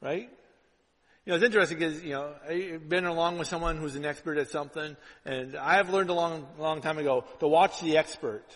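A pastor delivering a conversational sermon, full of "right?" asides, swinging between loud and hushed. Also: male voice, a little high, a little fast, big-room sound, poor audio.

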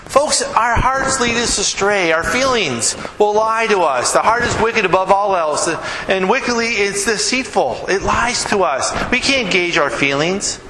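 A middle-aged man preaches in a relaxed, conversational way, asking his listeners questions and acting out little stories. His voice sits a bit high for a man. It rings through a big reverberant hall with clear noise behind it. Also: a little slow, hardly any pauses. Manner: conversational preacher, rhetorical questions, acts out anecdotes. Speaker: pastor. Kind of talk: sermon.

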